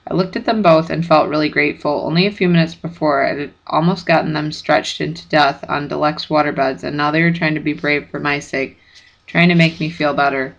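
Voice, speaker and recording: Brief: steady first-person audiobook narrator, gravelly tone, lo-fi recording. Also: medium pitch, brisk.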